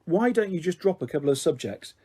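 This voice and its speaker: A man voicing a quiet teenage boy wizard in his own plain, low-key reading voice. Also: very animated, fast talker, breathy edge.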